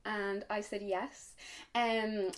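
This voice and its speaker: A woman's voice: mid-range voice, level tone, drawn-out words. A woman in her twenties with an Irish accent, telling a casual story-time vlog in a chatty, frank way, full of fillers and swearing. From Ireland. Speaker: vlogger.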